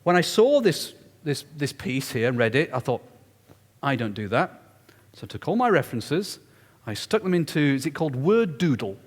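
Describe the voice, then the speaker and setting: Animated man lecturing. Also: on the high side, a little fast. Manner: animated, confiding, emphatic. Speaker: guest lecturer. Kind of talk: storytelling public lecture. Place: lecture hall. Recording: echoey lecture hall.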